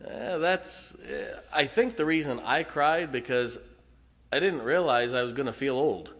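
A middle-aged man preaching a sermon as pastor, folksy and halting, with many fillers. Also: mid-range voice, fairly bright tone, in a large hall. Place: church sanctuary.

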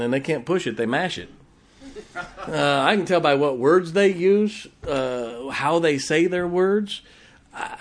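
A man preaching a sermon in a folksy, joking way, with sudden shouted exclamations. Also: a little high. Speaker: pastor.

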